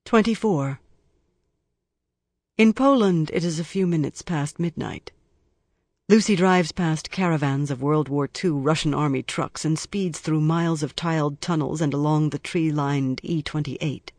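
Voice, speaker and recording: Guy reading a crime novel aloud, steady and measured, higher voice, dry mic. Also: dry recording. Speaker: audiobook narrator. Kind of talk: scripted narration.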